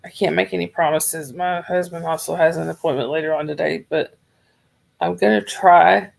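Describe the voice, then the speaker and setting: Gravelly-voiced woman, hoarse. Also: low voice, flat delivery, a little fast. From Georgia, US. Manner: soft-spoken, rambling, talks to chat viewers by name. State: losing her voice, yawning. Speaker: livestream host. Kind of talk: casual livestream chat.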